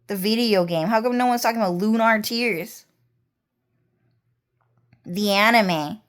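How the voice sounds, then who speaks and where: A woman's voice: mid-range voice, measured pace, pauses often. A woman talking in a rambling, repetitive monologue, casual and peppered with swearing. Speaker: vlogger.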